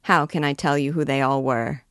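A woman's voice: a bass voice, steady tone, moderate pace, dry recording, clean studio sound. A woman reading a rambling old noblewoman. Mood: reminiscing. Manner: rambling, reminiscing. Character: chatty, nostalgic old noble mother.

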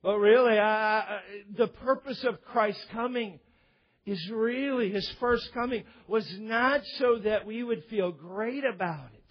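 A man's voice: high voice, a little slow, husky, highs cut off. A man preaching a sermon as pastor, building to emphatic points.

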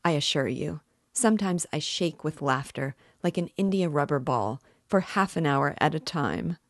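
A woman's voice: deep voice, animated, normal speed, no room sound, clean studio sound. A woman voicing a sly, fussy, jovial middle-aged male police investigator in an audiobook reading. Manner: fussy, cajoling, laughing.

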